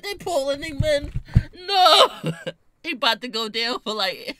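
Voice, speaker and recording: A man's voice: very high voice, measured pace. A young man telling a story in casual slang, acting out the voices of the people in it. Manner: animated, acts out quoted voices, slangy.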